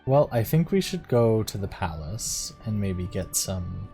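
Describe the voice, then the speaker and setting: A man's voice: lowish voice, very animated, unhurried, dark tone, soft background music. A man streaming a visual novel, reading its text aloud and musing casually about his choices. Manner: casual, musing aloud between read passages. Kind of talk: let's-play game reading and commentary.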